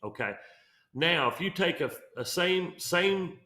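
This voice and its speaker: A man's voice: high voice, animated, unhurried, bright, forceful tone, echoey room. A man talking through mortgage numbers on a real estate show, rambling with lots of fillers and restarts. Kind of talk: casual podcast explainer.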